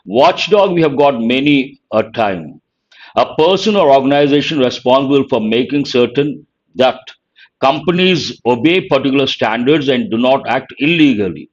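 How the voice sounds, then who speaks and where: A man with an Indian English accent teaching vocabulary, explaining word meanings in a deliberate way and repeating key words. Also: mid-range voice, expressive, dull audio. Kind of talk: vocabulary lesson.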